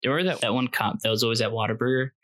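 A man's voice: medium pitch, racing, a bit bright. A young man co-hosting a podcast, throwing in goofy, absurd jokes. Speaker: podcast co-host. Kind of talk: casual joking chat.

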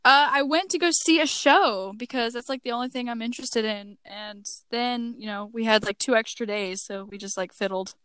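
A woman's voice: fairly high pitch, moderate pace, hardly any pauses, fairly bright tone, clean tone, dry recording. Giggly young woman rambling on a podcast. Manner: giggly, rambling with many fillers. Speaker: guest. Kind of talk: casual podcast chat.

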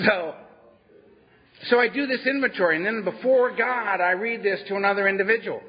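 A man sharing his own story at a workshop, animated and wry, often laughing as he talks. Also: sits high, normal speed. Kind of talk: personal storytelling talk to a live audience. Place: meeting hall at a workshop. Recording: dull lo-fi with long hall echo.

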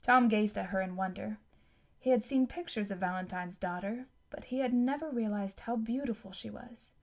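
A woman reading a novel aloud as narrator, in a steady, even storytelling manner. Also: medium pitch, normal speed. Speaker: audiobook narrator. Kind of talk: scripted narration.

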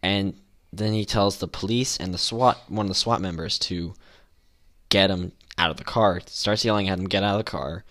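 A man's voice: low-pitched, fairly even intonation, normal speed, fairly bright tone. A young man hosting a solo podcast, talking casually and rambling with restarts and fillers. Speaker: podcast host.

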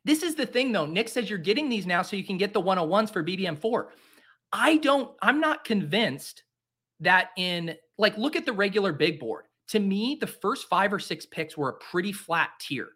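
A man in his late twenties from the Boston area hosts a casual show and narrates as he goes. His tone is bright and edged, pitched a little above the usual, and he drifts from loose, joking asides into mock-despairing outbursts. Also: sing-song, normal speed, husky. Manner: theatrical self-pitying rants; rambling and joking. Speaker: podcast host. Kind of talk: live-drafting commentary, casual chat.

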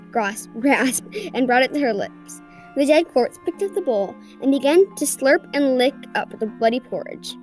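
Woman, podcast host, reads ghost story aloud, earnest, deliberate, high voice, faint music behind. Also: a little mellow.

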